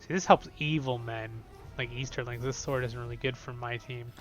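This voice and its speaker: A young man hosting a casual gameplay video, chatty and excitable, swinging between loud bursts and quiet asides. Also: medium pitch, moderate pace, faint music behind. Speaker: game video host.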